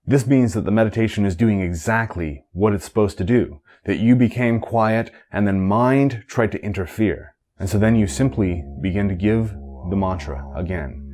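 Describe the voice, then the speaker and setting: A man with a deep, low voice teaching a candle-gazing meditation. He speaks in a calm, measured, instructive way, now and then chanting a short mantra.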